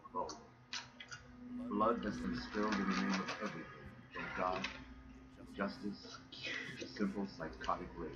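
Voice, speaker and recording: A man voicing a grave, deep game narrator. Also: steady tone, close to an everyday voice. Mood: solemn. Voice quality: slow, grave delivery. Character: grave, weary older male narrator. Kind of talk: solemn scripted narration. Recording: dull lo-fi game audio under loud music.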